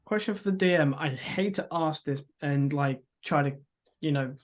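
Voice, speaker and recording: A player in a tabletop game, hesitant and halting while reading rules and asking the game master questions. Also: mid-range voice. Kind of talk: casual tabletop game play.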